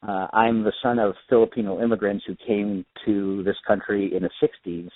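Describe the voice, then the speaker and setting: A man's voice: on the low side, level tone, normal speed, no room sound. A man from California telling his life story earnestly as a radio guest. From California, United States. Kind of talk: personal life story in an interview. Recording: tinny phone line, dry.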